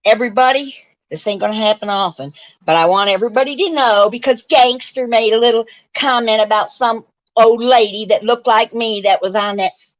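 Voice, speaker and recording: A woman's voice: on the high side, fairly quick, no echo, lo-fi sound. A woman in her seventies from upstate New York, ranting bluntly and heatedly on a livestream, with a profane, combative manner. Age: 70s. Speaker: livestream host.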